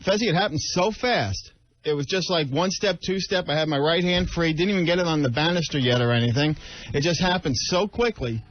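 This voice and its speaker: A man's voice: fairly high pitch, a little fast. A man, a radio show producer, explaining himself sheepishly and at length in casual on-air banter. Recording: lo-fi radio broadcast.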